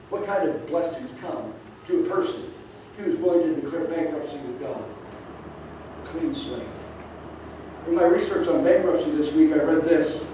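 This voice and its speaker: Male pastor, fairly high voice, preaching with loud urging and soft asides, far from the mic in a very echoey hall. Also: slight background noise. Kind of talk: sermon. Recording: distant mic in an echoing hall.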